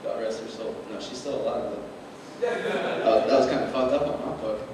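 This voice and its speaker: Rambling young comedian in an echoey club. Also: male voice, medium pitch, steady tone, normal speed. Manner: rambling, self-deprecating, laughs at own jokes. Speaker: stand-up comedian. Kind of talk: open-mic stand-up comedy. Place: small club with live audience. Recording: echoey room recorded from a distance, noisy.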